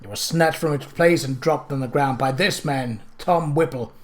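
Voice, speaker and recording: A man's voice: medium pitch, normal speed, close to an everyday voice. A man reading aloud, voicing a hot-tempered young lord who speaks in an angry, clipped way.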